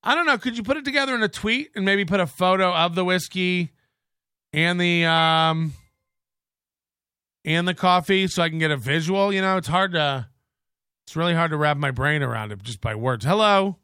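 A man's voice: high-pitched, moderate pace, pushed and bright, smooth, no echo, clean studio sound. A man hosting a livestream, rambling casually with a sarcastic, blunt manner. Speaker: host.

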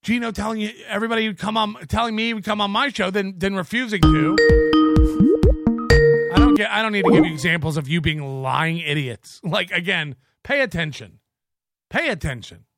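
High, gravelly, ranting man. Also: a little fast, a bit bright, faint music behind. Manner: angry, mocking, profane. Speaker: livestream host. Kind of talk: ranting livestream talk.

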